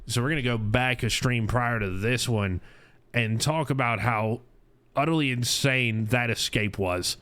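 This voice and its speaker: A man's voice: mid-range voice, measured pace, fairly bright tone. A middle-aged man hosting a casual podcast, telling rambling stories full of restarts and chuckles. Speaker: podcast host. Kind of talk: casual chat.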